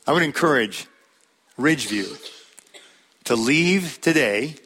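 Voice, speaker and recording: A man preaching to his congregation in a measured, earnest style, slowing down to stress his points. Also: medium pitch, expressive, sharp tone, a little hiss or hum. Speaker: pastor. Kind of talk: sermon.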